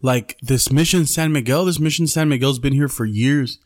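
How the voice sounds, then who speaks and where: Podcast co-host, man, mid pitch, easygoing storyteller full of bro and dude, dry close sound. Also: normal speed, no room sound. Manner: laid-back, swears freely, says bro and dude. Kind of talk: casual storytelling chat.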